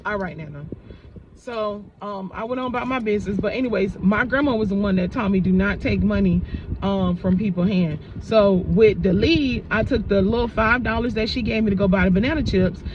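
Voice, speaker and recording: A woman's voice: mid-range voice, brisk, dull audio, noisy background. A woman vlogger telling a story in a chatty, rambling way, full of fillers, recorded on a phone propped up in a car. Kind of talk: casual storytelling. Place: inside a car.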